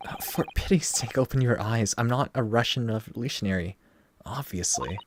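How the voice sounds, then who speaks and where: A man's voice: mid-range voice, moderate pace, background noise, natural voice. A man voicing a flustered, exasperated young male defendant who keeps protesting his innocence. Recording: game music underneath.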